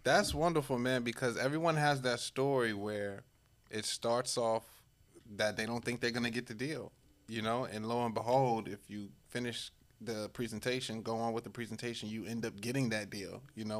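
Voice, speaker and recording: A man with a fairly low voice hosts a podcast interview. He reacts and chats with his guest in a relaxed, encouraging tone, using casual slang. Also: normal speed. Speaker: podcast host.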